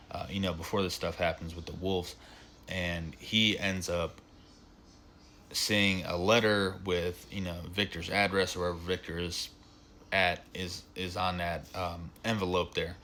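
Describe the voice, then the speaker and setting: A man's voice: sits low, flat delivery, a little slow, pushed and bright, a little hiss or hum. A man giving a casual spoken film review, retelling the plot in a rambling way full of fillers.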